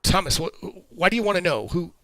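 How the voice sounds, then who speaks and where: A guilt-wracked drunk stable hand, stuttering and scowling in a tabletop game, as a game master puts him on. His voice rides high and sharp, cracking under the weight of what he has done. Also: big pitch swings, fairly quick, no room sound, exaggerated voice, rough recording. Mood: suspicious. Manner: stammering, frantic, scowling.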